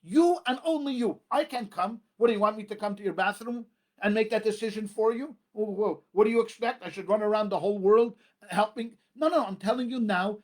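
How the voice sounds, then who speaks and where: A man's voice: high-pitched, darkish tone. Emphatic rabbi preaching, man. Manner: emphatic, repetitive preaching with dramatic pauses. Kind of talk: sermon.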